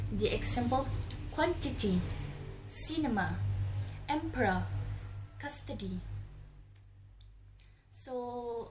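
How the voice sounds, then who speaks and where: A woman's voice: fairly high pitch, a little hiss or hum, low-quality recording. A young woman with an Indonesian accent giving a class presentation, reading carefully from her notes and listing examples one by one. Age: young adult. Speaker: student presenter. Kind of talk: read-aloud class presentation.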